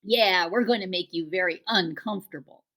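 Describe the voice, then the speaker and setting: A woman's voice: on the low side, moderate pace, pushed and bright. A woman voicing a sulky young male bear who tags along and whines. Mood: whiny. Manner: whiny, echoing, sulky. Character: whiny young male bear, tagalong bully.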